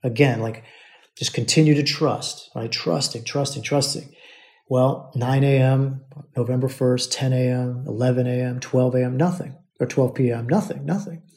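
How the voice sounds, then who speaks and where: A man's voice: medium pitch, fairly even intonation, moderate pace, a little mellow. A man hosting a podcast, telling a long personal story in a casual way, repeating phrases for effect and calling his listeners brothers. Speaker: podcast host.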